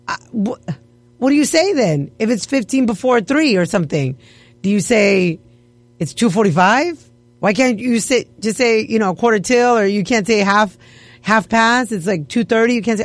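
A woman radio host with a mid-range voice chats casually at a moderate pace in a radio studio, laughing and playfully pretending to be offended. She sounds animated and mock-offended, captured on a studio mic with no room sound.

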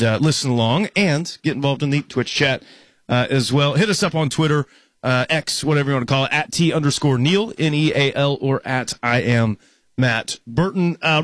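A man's voice: a little high, fairly bright tone, dry recording, studio quality. A man co-hosting a sports radio show, upbeat and easygoing, reading out listener texts and social media plugs. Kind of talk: casual sports talk.

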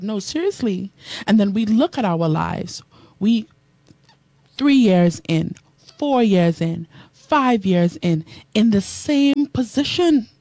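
A woman preaching to a live and radio audience, repeating lines call-and-response style, reading out viewer comments and swinging from hushed asides to high exclamations. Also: no room sound.

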